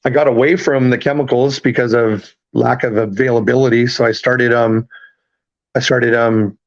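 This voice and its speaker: A man's voice: mid-range voice, steady tone. Male podcast guest, 30s, rambling casual storyteller, muffled audio. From Canada. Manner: rambling, halting, many fillers and restarts. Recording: slightly dull lo-fi audio.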